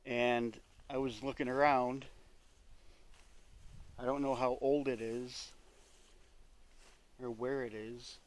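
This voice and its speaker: A man's voice: medium pitch, level tone, takes it slowly, pauses often. A man on a solo paranormal vlog, talking nervously and rambling outdoors in the woods, recorded on a handheld microphone. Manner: nervous, rambling, self-correcting. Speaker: paranormal investigator. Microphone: microphone with a phone beside it.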